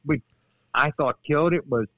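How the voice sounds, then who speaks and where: A middle-aged man, a former wrestler, telling lively stories in casual podcast chat with folksy asides. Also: on the high side, normal speed, no room sound. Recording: slightly dull dry remote audio.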